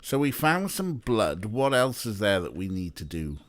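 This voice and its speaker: A man streams an adventure game as a let's play streamer, rambling and joking with chat in casual gameplay commentary, sometimes swearing as he teases a pet. His voice is fairly low in pitch and very animated, at a moderate pace, in a dry recording.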